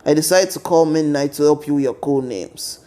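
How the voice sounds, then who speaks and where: A man's voice: on the high side, normal speed, mellow, close to an everyday voice. A man voicing a blunt, weary adult male teacher.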